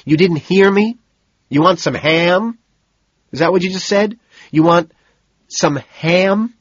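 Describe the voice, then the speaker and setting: A man's voice: medium pitch, big pitch swings, unhurried, husky, dry recording, dull audio, voice pushed up, heavily acted. A man doing a sneering, hot-tempered young yuppie. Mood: shouting. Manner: sneering, talks over people, bursts into shouting. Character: arrogant young male yuppie, short-tempered and cruel.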